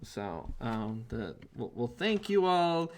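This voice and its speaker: Gravelly, rambling male game master. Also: mid-range voice, very animated, slow. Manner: rambling, many fillers, laughs often. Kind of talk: casual tabletop game narration.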